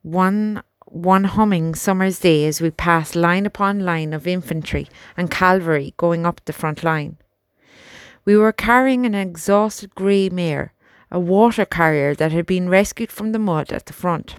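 A woman narrating an audiobook in a measured, expressive storytelling manner, on a close studio mic. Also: fairly low pitch, clear, resonant tone, no echo. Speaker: audiobook reader. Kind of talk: scripted narration.

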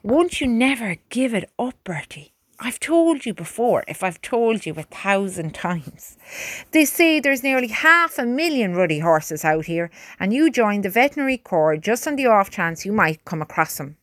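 A woman's voice: medium pitch, very animated, moderate pace, fairly bright tone, no room sound. A woman voicing a blunt, grumbling young male soldier who scolds his friend in an exasperated way, recorded dry.

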